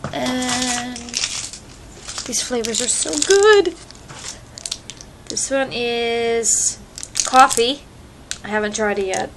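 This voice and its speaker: A woman's voice: on the high side, background noise. A young woman chatting casually in a home vlog, rambling easily while her allergies act up. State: allergies, itchy eyes. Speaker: vlogger. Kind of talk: casual chat. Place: home with a cat. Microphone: phone camera.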